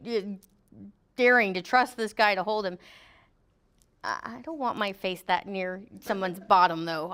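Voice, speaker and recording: A woman's voice: medium pitch, pushed and bright, smooth. A middle-aged woman teaching a workplace safety class in a joking way, acting out what people say in funny voices. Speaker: safety trainer. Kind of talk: classroom training talk.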